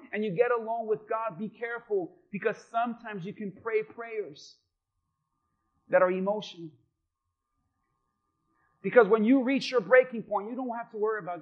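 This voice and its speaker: A man with a strikingly high voice preaches a sermon as a pastor. He speaks straight to the congregation with questions and breaks into short acted-out quotes. The recording sounds dull and lo-fi. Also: normal speed, pauses often.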